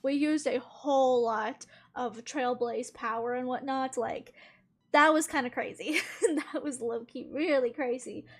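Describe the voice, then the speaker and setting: A woman's voice: high voice, fairly even intonation, measured pace. A woman streaming a video game, chatting casually and laughing often as she talks. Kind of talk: casual live-stream chat.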